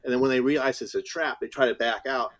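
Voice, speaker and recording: A man's voice: mid-range voice, fast, a bit bright, no echo. Man rambling through an analogy. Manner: rambling, many restarts and analogies. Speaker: panel guest. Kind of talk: casual panel chat.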